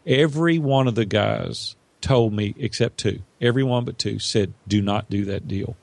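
Gravelly-voiced man telling a story. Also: fairly low pitch, moderate pace, no room sound. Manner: earnest, animated storyteller who acts out quotes. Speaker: guest. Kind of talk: storytelling in an interview.

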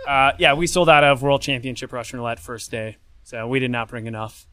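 A man's voice: medium pitch, fairly quick, bright, forceful tone, clear, resonant tone, no room sound. A man who is a game publisher, chatting upbeat and casual as a guest on a live podcast panel. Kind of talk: casual chat.

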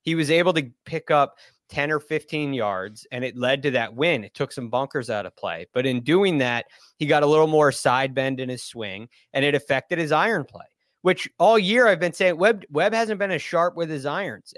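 A man's voice: medium pitch, no room sound. Chatty man on a dry mic. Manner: eager, chatty, frequent ums. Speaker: podcast analyst. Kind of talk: casual sports podcast chat.

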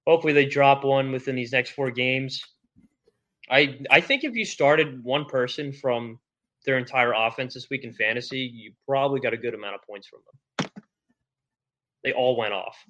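A man's voice: medium pitch, moderate pace, pushed and bright. A man co-hosting a casual sports podcast, talking bluntly and casually with some swearing, on a dull lo-fi recording. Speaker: podcast co-host. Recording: dull lo-fi sound.

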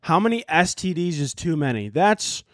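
A man's voice: a little high, big pitch swings, normal speed, dry recording, clean studio sound. A young man hosting a podcast, rambling sarcastically through a comedic monologue with frequent swearing. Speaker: podcast host.

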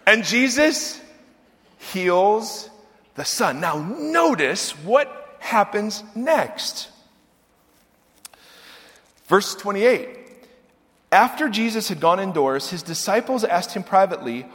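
A man with a high voice preaches a sermon to his congregation. He talks in an animated way, sinking to quiet asides and climbing to loud, emphatic peaks. His voice carries a long reverb from a big hall. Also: a little slow. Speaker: pastor.

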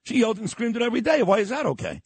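A man's voice: very high-pitched, wildly swooping pitch, very fast, gravelly, breathy edge, no echo, rough recording. A middle-aged man hosting a talk radio show, arguing hard, interrupting and repeating his questions. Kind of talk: heated political radio interview.

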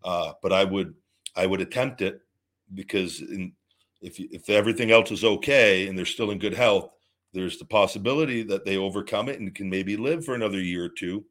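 A middle-aged man with a somewhat low voice hosts a live question-and-answer stream. He rants in a loud, profane way, then settles into slow, rambling advice, often stumbling over repeated words. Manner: profane, heated ranting that swings to calm, rambling advice. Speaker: show host answering viewer questions. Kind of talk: unscripted livestream chat.

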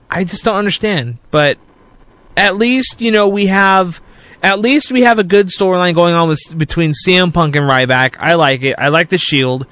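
A man's voice: high voice, fairly bright tone, no echo. An American man hosting a casual wrestling chat show, teasing his co-host and laughing a lot. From United States. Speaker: podcast host.

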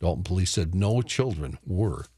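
A man's voice: low-pitched, expressive, normal speed, dark tone, breathy edge. A man reading the news on a sports talk radio show, matter-of-fact and chuckling between stories, in a studio. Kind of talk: reading news updates with banter.

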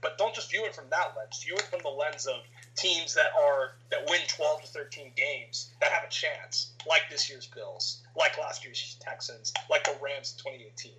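Male podcast host, bright tone, argumentative, pushes back hard. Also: on the high side, normal speed, hardly any pauses, low-quality recording. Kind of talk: casual sports debate.

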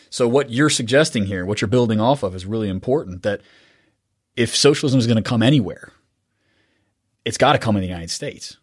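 Low-ish guy host rambling through a podcast interview, lots of you knows, dry close mic. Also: no room sound. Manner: rambling, self-deprecating, lots of fillers. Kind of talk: casual interview chat.

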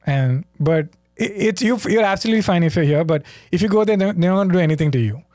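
A comedian from India, a guest on a podcast, talking in a relaxed, measured way. His voice sits a bit high. The sound is close and dry. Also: no room sound. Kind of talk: casual podcast chat.

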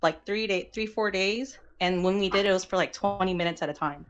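A soft-spoken woman from Texas calling into a podcast, talking in short, simple sentences. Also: mid-range voice, fairly quick, dull audio, over a noisy crowd. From Texas, USA. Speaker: caller. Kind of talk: call-in chat.

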